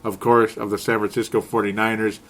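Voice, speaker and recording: A man hosting a sports podcast, recapping games in a casual, sarcastic and animated way. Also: fairly low pitch, brisk. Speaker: podcast host.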